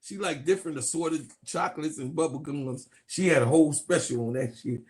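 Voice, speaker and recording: A man giving loud, profane, joking sports commentary, laughing and calling out to his viewers. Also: fairly high pitch, a little fast. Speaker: sports vlogger. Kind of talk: casual comedic sports commentary.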